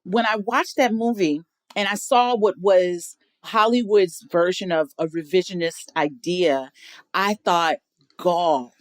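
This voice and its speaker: A middle-aged woman talking on a podcast as a guest, emphatic and animated, spinning her points like a storyteller. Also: lowish voice, slow, no room sound. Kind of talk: casual podcast chat.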